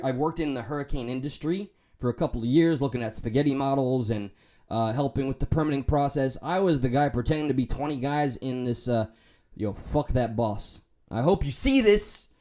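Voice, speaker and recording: A man's voice: medium pitch, warm tone. A man with a New York accent hosting a livestream, reading chat and talking candidly, swearing and joking as he rambles.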